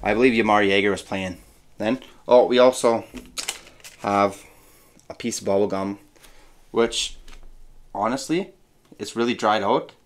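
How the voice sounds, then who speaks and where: A man's voice: on the low side, unhurried, long pauses. Chatty man opening card packs. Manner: chatty, muses aloud with hums. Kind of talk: casual unboxing chat.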